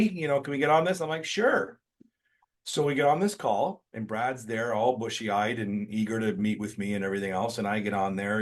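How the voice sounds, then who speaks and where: A man with a slightly low voice hosts a podcast in a casual storytelling chat. He talks bluntly and emphatically, often joking at his own expense. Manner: emphatic, blunt and self-deprecating, with swearing. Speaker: podcast host.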